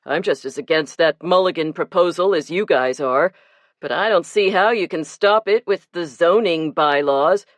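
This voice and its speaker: A woman's voice: fairly low pitch, normal speed, no echo, lightly acted. Narrator doing a smug sarcastic guy, teasing everyone. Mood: needling. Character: cocky, needling man at a town table.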